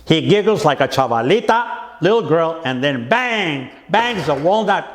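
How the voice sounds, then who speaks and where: A man performing a dramatic spoken-word monologue in streetwise slang, moving quickly between voices. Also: a little high, very animated, roomy sound, a little hiss or hum. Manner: streetwise slang, swift shifts of voice.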